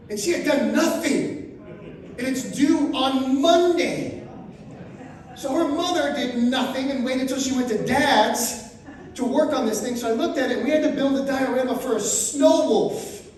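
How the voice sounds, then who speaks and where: A man in his fifties from Florida doing a stand-up comedy set, telling crude stories with loud animated outbursts. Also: very high voice, a little slow. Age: 50s. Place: RV resort event room, live audience. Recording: very echoey room, voice from far off.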